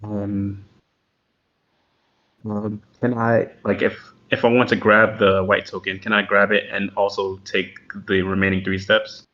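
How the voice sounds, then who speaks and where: A man's voice: on the low side, flat delivery, measured pace, lo-fi sound. A man playing through a tabletop game playtest, hesitant and thinking his moves aloud with many ums. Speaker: playtest participant. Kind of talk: casual game play.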